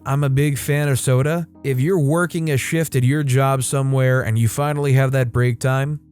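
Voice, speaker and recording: A man's voice: medium pitch, darkish tone, smooth. Wry male storytime narrator. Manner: casual, wry asides.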